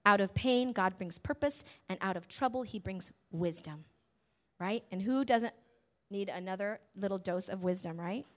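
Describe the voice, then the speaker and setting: A woman preaching a sermon, retelling a story in a conversational way, full of tag questions and big swings between loud and soft. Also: mid-range voice, moderate pace.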